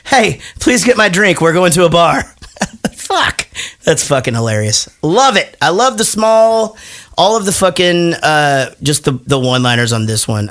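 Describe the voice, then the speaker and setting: A man's voice: mid-range voice, fairly bright tone. A man in his thirties hosting a casual movie podcast, swearing often and laughing as he retells favorite scenes. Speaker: podcast host.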